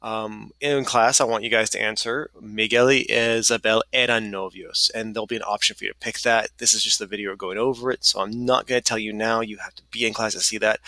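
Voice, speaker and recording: A man's voice: fairly low pitch, bright, forceful tone, no room sound. A young man teaching Spanish in a recorded lesson, chatty and self-correcting, explaining each line as he goes.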